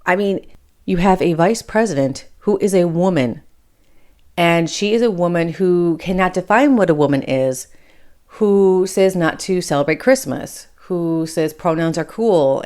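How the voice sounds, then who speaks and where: A woman's voice: fairly low pitch, darkish tone. A woman in her forties or fifties from Michigan, with a trace of Appalachian in her accent, hosting a blunt, opinionated solo commentary show where she swears casually and drifts off topic. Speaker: podcast host.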